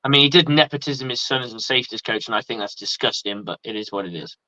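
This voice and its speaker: A man's voice: medium pitch, fast talker, bright, forceful tone, no room sound, dull audio. An English man co-hosting a casual sports chat, bantering and swearing freely. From England. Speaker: podcast co-host and former coach.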